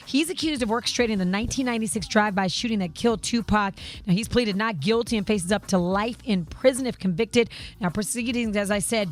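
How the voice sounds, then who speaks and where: A woman co-hosting a morning radio show, reading entertainment news in a brisk, clear way. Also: mid-range voice. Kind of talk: news reading and on-air chat.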